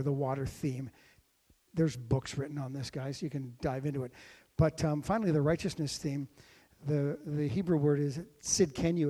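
A man preaching a sermon as pastor, dropping to a hush and then rising to loud, ringing exclamations. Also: fairly high pitch, big-room sound. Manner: dynamic preaching, swinging from hushed to shouted.

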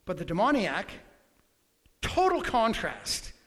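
High-voiced preacher in reverberant hall. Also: male voice, wildly swooping pitch, slow. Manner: emphatic, swings from loud bursts to quiet asides. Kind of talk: sermon. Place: church hall.

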